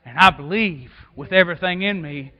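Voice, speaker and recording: A man preaching a sermon as assistant pastor in a church, passionate and folksy, swinging between shouts and quiet asides. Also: high voice, a little fast, muffled recording. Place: church sanctuary.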